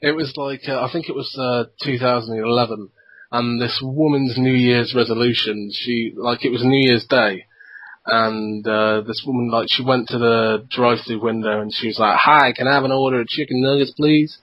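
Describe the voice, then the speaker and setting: A man's voice: mid-range voice, flat delivery, moderate pace, dry recording, muffled recording. A young man co-hosting a casual podcast, a rambling storyteller who swears freely. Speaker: podcast co-host.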